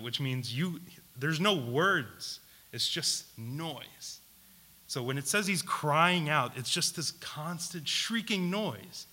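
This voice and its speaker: A man preaching a sermon, putting questions to his listeners and repeating key words for emphasis, swinging between loud and hushed delivery. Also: medium pitch. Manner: asks the audience questions, emphatic repetition.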